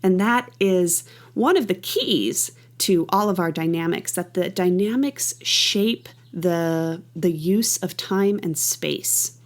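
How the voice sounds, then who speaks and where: A woman's voice: lowish voice, takes it slowly, few pauses. A middle-aged woman teaching a movement class with enthusiasm, counting beats and making playful rhythmic sounds. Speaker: dance teacher.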